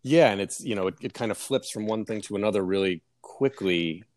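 A man co-hosting a casual music podcast, explaining his views in a measured, hesitant way. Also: lowish voice, darkish tone, no room sound. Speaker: podcast co-host.

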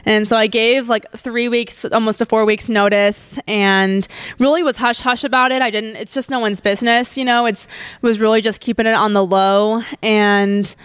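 A woman's voice: a little high, steady tone, moderate pace, clean tone, no echo, clean studio sound. A woman, hosting a solo podcast and chatting casually, gushing and laughing often. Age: 20s. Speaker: podcast host.

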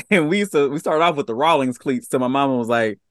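A man's voice: medium pitch, animated, fairly quick, fairly bright tone, dry recording, clean studio sound. A man co-hosting a podcast, telling stories in a laid-back, joking way. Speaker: podcast co-host. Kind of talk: casual chat.

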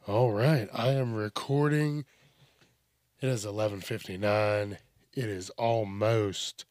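A man's voice: lowish voice, fairly even intonation, darkish tone, dry recording, faint music behind. A man in his thirties hosting a solo podcast from a small home studio, rambling and swearing, with lots of fillers and restarts. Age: 30s. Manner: rambling, profane, halting with many fillers. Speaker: podcast host. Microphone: studio microphone.

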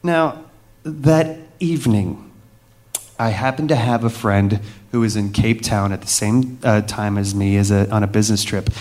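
A man telling a personal story vividly, with dramatic pauses and hushed moments. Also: lowish voice.

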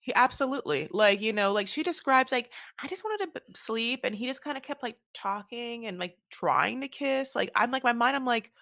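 A woman co-hosting a podcast, recapping a reality show in casual chat, animated and blunt, with lots of fillers and swearing. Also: a little high, brisk, creaky, hardly any pauses, dry recording, studio quality. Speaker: podcast co-host.

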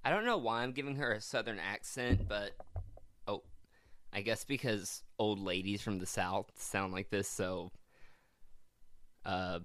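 A woman's voice: rumbling low, a little slow, long pauses, a bit bright, a little hiss or hum. A woman with a stuffy nose recording spoof lines, muttering to herself between takes. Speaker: podcast co-host reading spoof lines. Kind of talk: casual blooper outtakes.

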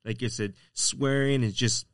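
A man's voice: medium pitch, fairly even intonation, measured pace, fairly bright tone, dry recording, studio quality. A man hosting an interview, asking long, rambling questions in a casual way. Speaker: interviewer host.

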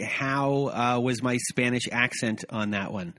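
A man's voice: mid-range voice, unhurried, a bit bright, no echo. A man hosting a podcast interview, chatty and stumbling over his words now and then. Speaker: podcast host.

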